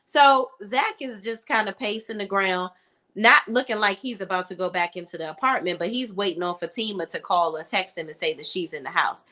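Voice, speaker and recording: A woman's voice: medium pitch, fairly quick. A woman giving a casual recap of a TV drama, retelling scenes dramatically and acting out the characters' lines as she goes. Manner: animated, dramatic retelling with lively quoted asides. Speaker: TV show reviewer.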